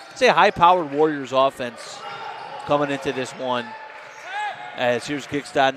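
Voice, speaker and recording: A man calling live basketball play-by-play, quick and excitable, rising on big plays. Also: medium pitch. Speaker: play-by-play announcer. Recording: noisy gym broadcast.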